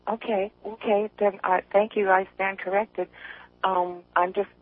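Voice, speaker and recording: A woman from East Tennessee calling into a radio show, chatty and rambling, quick to laugh. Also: medium pitch, level tone, no room sound. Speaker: caller. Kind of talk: casual call-in chat. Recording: tinny phone line.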